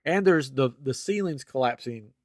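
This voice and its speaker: Male podcast host, mid pitch, dry booth sound, animated casual storyteller. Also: normal speed, no room sound. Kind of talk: casual chat.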